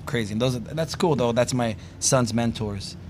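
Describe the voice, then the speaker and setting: A man's voice: mid-range voice, normal speed, a little hiss or hum. A man talking as a guest on a casual podcast, laid-back and swearing, often trailing off. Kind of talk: casual chat.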